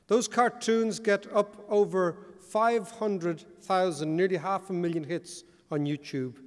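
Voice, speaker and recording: High-voiced Irish man, joking conference speech. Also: a little slow. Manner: wry, joking, animated delivery. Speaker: keynote speaker. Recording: long reverb of a large hall.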